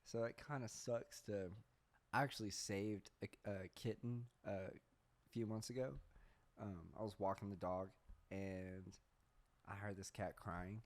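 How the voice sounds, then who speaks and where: Young male podcast host, lowish voice, loose rambling storyteller who swears freely. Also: steady tone, a little slow. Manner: rambling, swears often, laughs at himself; reads search results aloud. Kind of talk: casual storytelling chat.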